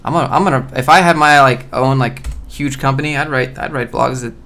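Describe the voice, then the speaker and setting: A man in casual live-stream commentary talks at a middle pitch while he goes through job postings. He reads the lines out and then reacts to them bluntly, joking and making offhand remarks, in an unscripted way. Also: fairly quick, fairly bright tone.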